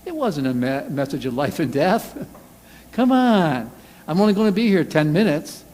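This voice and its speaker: A man preaching a sermon as pastor, animated, acting out angry quotes in a loud voice. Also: a little high, a little fast. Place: church sanctuary. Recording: reverberant church hall.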